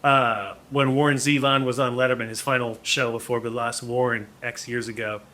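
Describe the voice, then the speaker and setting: Male podcast guest, forties, animated storyteller; bright, forceful tone. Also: mid-range voice, moderate pace. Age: 40s. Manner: animated, acts out quotes, many restarts. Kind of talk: casual storytelling.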